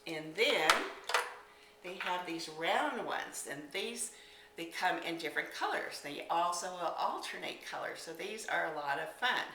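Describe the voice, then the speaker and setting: A woman's voice: fairly low pitch, animated, a little slow, far from the mic, background noise. Chatty woman demonstrating crafts in an echoey room. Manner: chatty, enthusiastic, exclaims while working. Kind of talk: casual product demonstration. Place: indoor room. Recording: echoey room, somewhat off-mic.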